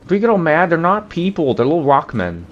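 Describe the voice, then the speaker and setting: A man's voice: fairly high pitch, very animated, brisk, muffled recording. A man hosting a let's play, joking and swearing in casual gameplay commentary. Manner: profane, joking, laughs often.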